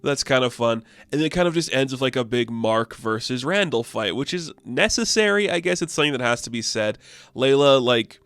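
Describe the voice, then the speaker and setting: A man's voice: medium pitch, lively intonation, fairly quick, a bit bright, no echo, clean studio sound. A man casually reviewing a comic book in a rambling, offhand way, full of fillers.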